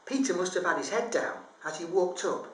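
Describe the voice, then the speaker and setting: A woman leading a school assembly, telling a story to children with an expressive delivery that lifts high and then drops to a hush. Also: a little fast. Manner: expressive, rises and hushes for effect. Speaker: assembly leader. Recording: echoey, roomy recording.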